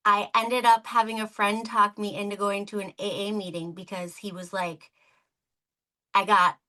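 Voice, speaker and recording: Bright, frank woman from Michigan. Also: mid-range voice, level tone, moderate pace, rough recording. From Upper Peninsula of Michigan. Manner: frank, emotional, many filler "like"s. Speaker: podcast host. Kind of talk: casual chat.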